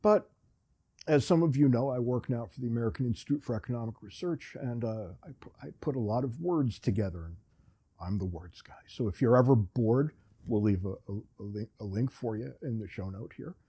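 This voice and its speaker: Mellow husky man telling wry stories. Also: mid-range voice, fairly quick. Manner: wry, rambling, self-deprecating. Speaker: podcast host. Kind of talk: casual storytelling monologue.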